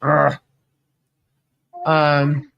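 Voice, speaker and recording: A podcast co-host with a low, gravelly voice draws out her words, recorded with no room sound and the highs cut off. Her casual chat is animated, and she laughs frequently as she tells stories.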